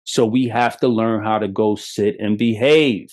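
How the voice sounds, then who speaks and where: A middle-aged man from Brooklyn, hosting a podcast, speaking bluntly with profanity and animated storytelling. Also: on the low side, unhurried. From Brooklyn, New York. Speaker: podcast host. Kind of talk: motivational monologue.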